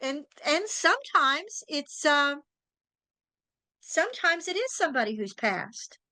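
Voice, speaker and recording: Female talk host, psychic, chatty storyteller, fairly high voice, dry close recording. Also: very animated, a little slow, bright, forceful tone, dry recording. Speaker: psychic and tarot teacher, podcast host. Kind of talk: casual interview chat.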